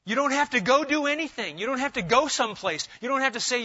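A man with a high, bright voice preaches a sermon, rising to loud emphatic stretches and dropping to quiet asides. The recording sounds dull and lo-fi. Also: animated, fast talker, hardly any pauses. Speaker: pastor.

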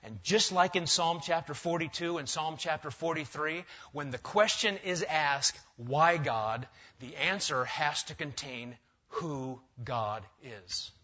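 Emphatic male preacher, bright tone. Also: a little high, a little slow. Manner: emphatic, rising to loud stresses then dropping quiet. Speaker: pastor. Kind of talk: sermon. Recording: dull lo-fi sound.

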